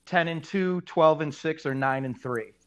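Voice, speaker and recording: Male podcast guest, casual and excitable, slightly higher voice. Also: measured pace, clear, resonant tone. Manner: excitable, profane storytelling. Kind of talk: casual chat.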